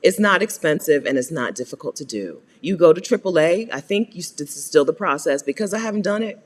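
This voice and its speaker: An American woman chats through a live Q&A, her pitch swinging freely as she laughs and greets viewers by name. Her voice trails off into a long, echoing reverb, as if in a large hard room. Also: expressive, fairly quick. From United States. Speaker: host answering viewer questions. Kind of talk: live Q&A chat.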